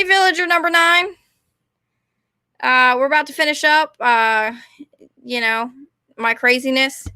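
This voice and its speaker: A young woman with a drawl rambles through a casual rant, often apologizing and putting herself down. Her voice is high and bright. The sound is dry and close. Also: clear, resonant tone, dry recording. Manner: rambling, apologetic, self-deprecating. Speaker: vlogger.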